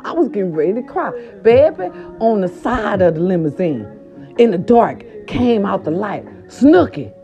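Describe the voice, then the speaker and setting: A middle-aged woman telling a story casually to her viewers, animated and profane, repeating her filler words. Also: medium pitch, normal speed, muffled recording, soft background music. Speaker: vlogger.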